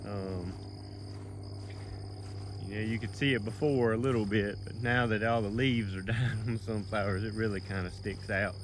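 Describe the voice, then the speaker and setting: A middle-aged man narrates as he walks his rural dove field, which he manages, capturing it on a handheld camera for a casual vlog. His voice sits on the low side with fairly even intonation and a moderate pace, folksy and rambling with plenty of fillers and a slight breathlessness. There is background noise.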